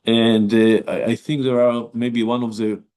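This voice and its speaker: Rabbi teaching, halting English. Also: male voice, medium pitch, level tone, darkish tone, smooth. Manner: halting, with many restarts and fillers, reads verses aloud. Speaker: rabbi teaching a Bible class. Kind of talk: informal Bible lesson.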